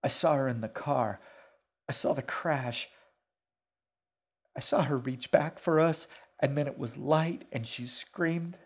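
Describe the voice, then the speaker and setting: A man's voice: on the high side, animated, a little slow, warm tone, voice pushed up. A man reading a story aloud, voicing a frightened young girl in a strained, pleading way. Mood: distraught.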